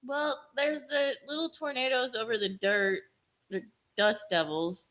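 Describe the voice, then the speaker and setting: A woman's voice: on the high side, fairly even intonation, measured pace, a bit bright. A woman in her thirties co-hosting a casual live stream, playful and giggly. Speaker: stream co-host. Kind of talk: casual joking chat.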